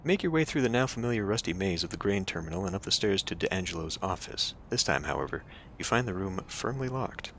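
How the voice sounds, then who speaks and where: A man's voice: sits low, very animated, a little fast, vocal fry, few pauses, a bit bright, slight background noise. A man playing a story game, reading its narration aloud and breaking off into casual joking asides. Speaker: let's play streamer.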